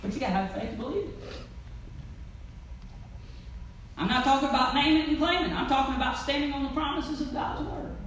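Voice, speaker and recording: High-voiced woman preaching in an echoey church. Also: quick pace. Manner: rising and falling, from loud calls to near-whispers. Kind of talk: sermon. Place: church sanctuary. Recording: echoey church with faint noise.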